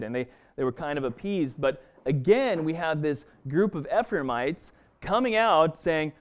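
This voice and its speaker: A man's voice: on the high side, animated, unhurried, few pauses. A man teaching a Bible passage in a loose, conversational way, often restarting his sentences. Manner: conversational, frequent restarts and fillers. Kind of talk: casual bible study teaching.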